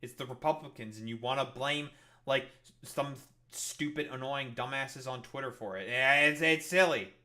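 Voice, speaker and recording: Bright-voiced, profane male streamer. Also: mid-range voice, normal speed. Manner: swears constantly, scornful, restarts a lot; gets loud and excited while acting out an example. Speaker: streamer reacting to an interview. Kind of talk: profane political commentary.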